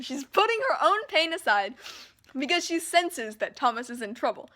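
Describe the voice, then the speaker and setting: High-voiced gushing woman book vlogger. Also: moderate pace. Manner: gushing, emotional, excitable. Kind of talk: casual read-along reaction.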